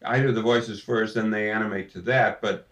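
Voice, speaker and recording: A man, a voice actor, telling anecdotes in an interview in an animated way, slipping into voices. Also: fairly low pitch, normal speed. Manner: animated storyteller, slips into voices. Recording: roomy, distant mic.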